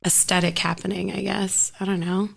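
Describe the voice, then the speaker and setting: A woman guesting on a casual podcast chat, expressive and dramatic, quick to exclaim. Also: medium pitch, creaky, breathy edge.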